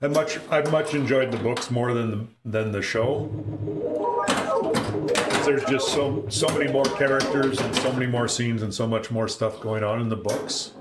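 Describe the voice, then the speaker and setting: A middle-aged man with a northern Minnesota accent, chatting excitedly while commenting on his own play. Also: mid-range voice, normal speed. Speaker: streamer. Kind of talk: casual live-stream commentary. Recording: echoey room with loud noise.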